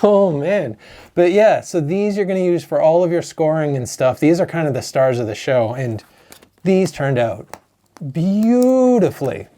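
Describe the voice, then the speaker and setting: Excited man unboxing his game. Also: on the high side, normal speed. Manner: excited, chatty, emotional. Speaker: board game designer. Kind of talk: unboxing vlog.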